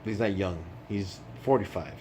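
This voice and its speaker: A man's voice: lowish voice, steady tone, moderate pace, mellow, a little hiss or hum. A man chatting casually in a vlog, rambling and swearing freely, indoors at night while away on a work trip. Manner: rambling and profane. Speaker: vlogger.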